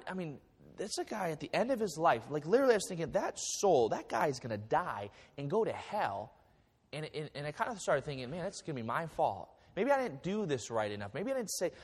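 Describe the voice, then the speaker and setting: A man's voice: fairly high pitch, long reverb tail. A man in his forties preaching a sermon as pastor, telling a story with stammered restarts and light jokes. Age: 40s.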